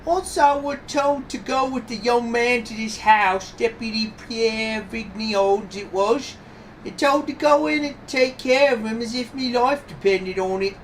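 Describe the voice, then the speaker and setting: A man's voice: very high-pitched, measured pace, a bit bright, distant mic, slight background noise, pitched above the performer's own voice. A man voicing a sly, unflustered Cockney brothel madam, reading game dialogue aloud in a chirpy, evasive manner. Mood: cheeky, evasive.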